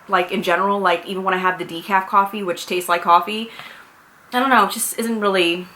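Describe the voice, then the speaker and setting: Woman, 30s, vlogger: bright, chatty, anxious edge, home camera mic with faint noise. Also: mid-range voice, fairly even intonation, brisk, poor audio. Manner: chatty, filler-heavy, anxious and candid. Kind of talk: casual pregnancy update vlog.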